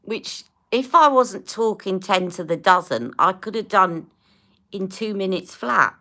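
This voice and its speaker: A woman's voice: mid-range voice, lively intonation, measured pace, pushed and bright. A woman in her fifties chatting casually as a beauty live-stream host, rambling while answering viewers' comments and putting on makeup.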